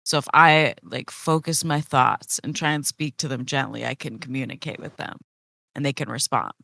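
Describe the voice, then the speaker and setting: Bright-voiced woman explaining her spell. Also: very deep voice, steady tone, normal speed, creaky, no room sound, clean studio sound. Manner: explaining with many fillers. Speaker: player. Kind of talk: casual tabletop play.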